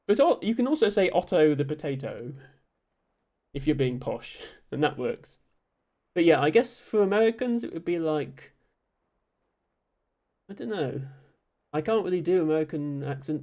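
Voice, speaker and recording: A young man streaming, reading chat messages aloud and thanking viewers, with frequent ums and soft laughs. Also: a little high, lively intonation, normal speed, long pauses. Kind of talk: casual live-stream chat.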